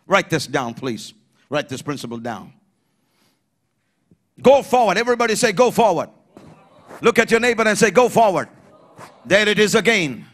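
A man preaching an emphatic sermon in church, building to shouted refrains and calling on the congregation to repeat after him. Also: high-pitched, animated, moderate pace, pauses often. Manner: emphatic preaching, rising to shouts, call-and-response. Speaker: pastor.

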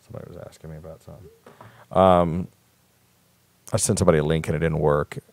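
A man's voice: a bass voice, level tone, quick pace, creaky, darkish tone, no echo. A man hosting a live talk show, telling rambling stories in a blunt, profane, casual way. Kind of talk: casual live-stream monologue.

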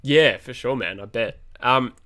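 A man's voice: medium pitch, a little slow, a bit bright. A man hosting a podcast, asking friendly, meandering interview questions. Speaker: podcast host.

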